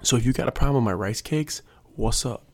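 A young adult man who teaches PE rambles through a casual, jokey monologue in a mid-range voice, talking rapid-fire. He's self-mocking and works himself up as he goes.

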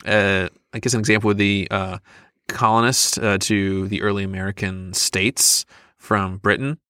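A man's voice: fairly low pitch, level tone, moderate pace, bright, forceful tone, clear, resonant tone, no echo, studio quality. A man co-hosting a podcast in casual chat, chatty and laughing often, with many fillers. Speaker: podcast co-host.

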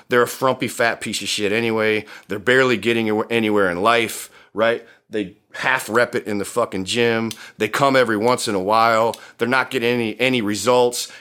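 A man's voice: medium pitch, a bit bright. A man hosting a podcast, ranting bluntly and heatedly with lots of profanity. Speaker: podcast host. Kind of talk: ranting solo podcast talk.

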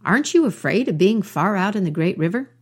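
A woman's voice: medium pitch, lively intonation, brisk, slightly rough. A woman voicing a small, timid male mouse who stammers in a storybook tale.

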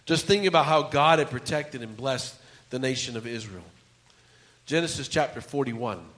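A man's voice: medium pitch, expressive, moderate pace, fairly bright tone. A male pastor preaching a conversational sermon, telling Bible stories and acting out the characters' lines. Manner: conversational storytelling, acts out quotes.

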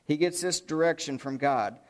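A man preaching a sermon, telling Bible stories in an animated way and stretching out key words for emphasis. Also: a little high, moderate pace. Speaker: pastor.

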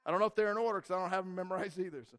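A young man, a church youth leader, telling a rambling, animated story to a group and saying man and dude a lot. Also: sits high, rapid-fire.

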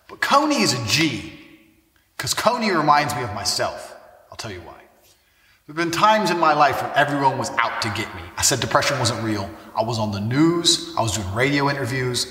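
A man's voice: mid-range voice, sharp tone. Brash, swearing man in an echoey room. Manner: brash, boastful and heavily profane. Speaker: online personality. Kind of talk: casual monologue to camera. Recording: echoey room, mic far off.

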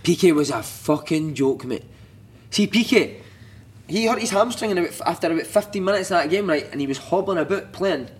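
A man with a Scottish accent chatting casually as a podcast guest, telling animated stories with plenty of swearing. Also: high-pitched, a little fast, breathy edge. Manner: animated storytelling, heavy swearing, laughing. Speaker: podcast guest, former footballer. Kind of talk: casual chat.

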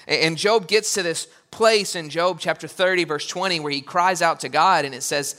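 A man delivers a sermon with a bright, forceful tone. His voice sits a little high. He preaches in an animated way, with joking asides and quoted voices he acts out. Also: normal speed. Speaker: pastor.

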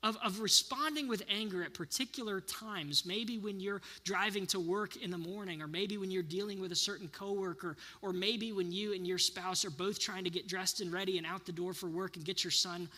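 A man's voice: sits high, fairly even intonation, brisk, few pauses, pushed and bright, long reverb tail. A man in his thirties giving an earnest sermon, often putting questions to his listeners. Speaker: pastor.

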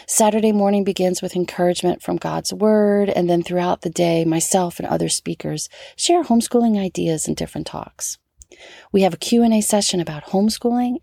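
A middle-aged woman hosting her own podcast, chatting warmly and encouraging listeners with lots of questions. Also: lowish voice, gravelly, slightly rough, dry recording, studio quality. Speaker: podcast host. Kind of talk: casual solo podcast talk.

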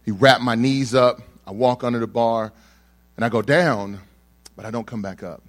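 With a medium-pitched voice and moderate pace, a young man relates a personal story to an audience. He animatedly acts out the people in it and jokes with the crowd.

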